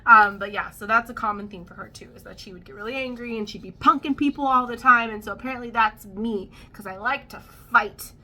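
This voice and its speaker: A woman's voice: fairly high pitch, fairly quick, few pauses, sharp tone. A young adult woman vlogging a casual storytime, rambling and wry with amused asides.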